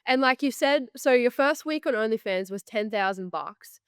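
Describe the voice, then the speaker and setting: A woman's voice: a little high, animated, moderate pace, a bit bright, smooth, no echo, studio quality. A woman, co-hosting a podcast in direct, casual talk with swearing and many fillers. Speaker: podcast co-host.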